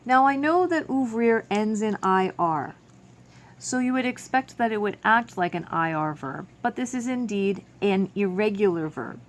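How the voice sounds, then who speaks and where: A woman's voice: medium pitch, animated, moderate pace. A woman teaching a French verb lesson to students, explaining each step patiently. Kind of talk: classroom video lesson.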